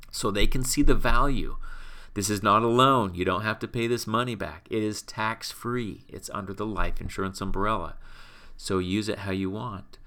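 A man with a fairly low voice coaches his sales team in a motivational talk. He speaks with energy and hammers his points home with repetition. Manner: energetic, emphatic, repeats for punch. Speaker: team leader and sales trainer.

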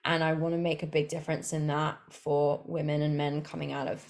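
A woman hosting a podcast, chatting casually and excitedly, swearing freely as she shares her own story. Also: sits low, fairly quick. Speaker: podcast host. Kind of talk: casual conversational interview. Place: home with a dog nearby.

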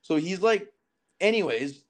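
His voice sits high and his pace is measured. A southern Alberta man in his thirties, he guests on a podcast and tells a story in an easygoing, animated manner, voicing the quoted dialogue as he goes.

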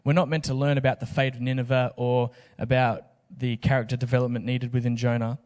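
A man's voice: mid-range voice, little pitch movement, brisk, a little mellow, in a large hall. Casual preacher man. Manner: casual, jokey preaching with slang asides. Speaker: pastor. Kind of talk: sermon.

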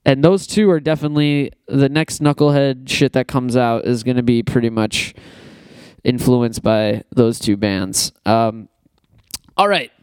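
A young man chats loosely on his music podcast, wandering between thoughts with fillers and casual swearing. His voice is smooth and resonant, sitting at an ordinary pitch. The close mic leaves it dry, with no room sound. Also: fairly even intonation, a little slow, darkish tone, no echo. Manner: rambling, profane, loose with fillers. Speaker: podcast host.

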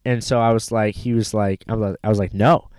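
A man in casual chat, telling a rambling story full of swearing and animated retellings of what people said. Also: lowish voice, quick pace, clean tone. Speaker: rideshare driver telling a story.

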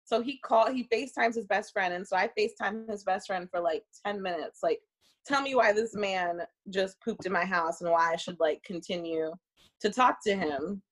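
A young woman casually telling a dating story, animated and profane, laughing often. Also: medium pitch, moderate pace.

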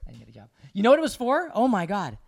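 A man's voice: sits high, racing, gravelly. A man in casual chat, telling funny stories with lots of laughter and put-on voices. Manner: animated storyteller, laughing often and putting on voices.

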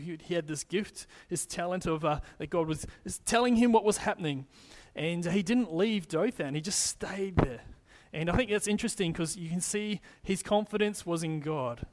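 A man's voice: high voice, normal speed, few pauses. A man as pastor giving a conversational sermon, often restarting his phrases as he explains scripture.

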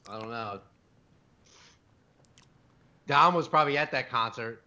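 A man's voice: medium pitch, unhurried, sharp tone, muffled recording. A man co-hosting a casual podcast over a video call, laughing often and swearing freely as he riffs. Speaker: podcast co-host. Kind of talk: casual profane banter.

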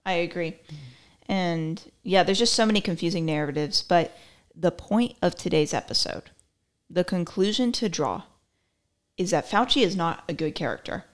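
A woman's voice: on the low side, expressive, moderate pace. A young woman hosting a podcast, chatting casually and telling stories with a sarcastic edge. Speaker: podcast host. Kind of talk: casual chat.

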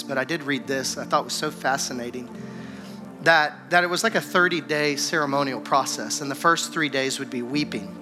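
A male pastor with a high, light voice delivers a conversational sermon. He retells scripture in his own words and voices its characters. Music plays clearly underneath. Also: bright, forceful tone. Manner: conversational preaching, acts out scripture dialogue. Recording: music playing behind.

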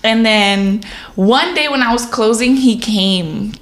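Animated woman telling a story in an echoey room. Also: a little high, slow pace. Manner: animated storytelling, swears often, many "like" fillers. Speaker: podcast co-host. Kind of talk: casual chat, storytelling.

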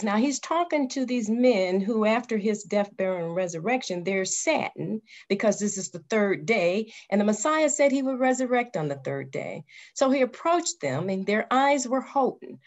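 A woman leads a Bible class, earnest and unhurried, circling back to correct herself and pressing each point home with a quick "see.". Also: on the high side, expressive. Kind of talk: Bible study teaching.

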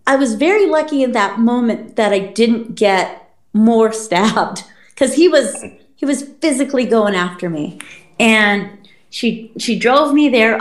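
A woman, a podcast guest, telling a personal story in a casual, blunt and profane way, with frequent swearing. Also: a little high. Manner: blunt and profane, quoting people in lively put-on voices. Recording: roomy echo.

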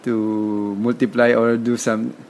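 A Filipino man from the Philippines, with a Filipino accent, appears as a podcast guest in a conversational interview. His medium-pitched voice is level, slow and darkish, with a bit of hiss or hum in the recording, and he speaks emphatically and motivationally, repeating words.

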